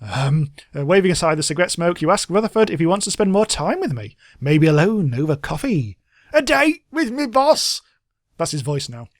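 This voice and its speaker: A man's voice: fairly high pitch, animated, fairly quick, few pauses, dry recording, studio quality. A man giving casual, chatty gameplay commentary, reading game text aloud and laughing often. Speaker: let's play host.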